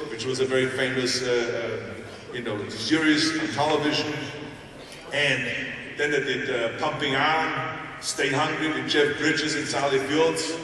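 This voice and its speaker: A man's voice: medium pitch, fairly bright tone. A man in his sixties with an Austrian German accent gives a motivational keynote in a large arena, telling his story emphatically with humorous asides. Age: 60s. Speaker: motivational speaker. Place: large indoor sports arena. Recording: echoey arena sound from far off.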